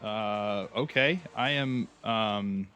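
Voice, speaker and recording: A man's voice: lowish voice, drawn-out words, bright, forceful tone, soft background music. A man playing a tabletop roleplaying game, chatty and joking with his group. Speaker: player. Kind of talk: casual tabletop play.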